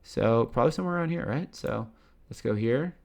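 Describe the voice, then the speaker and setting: A chatty man with a Canadian accent and a gravelly, fry-edged voice at an ordinary middle pitch. He talks loosely through charts, swearing now and then and asking "right?" after almost every phrase. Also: lively intonation, brisk, darkish tone. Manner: chatty, says "right?" constantly, swears casually. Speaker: crypto channel host. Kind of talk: casual screen-share commentary.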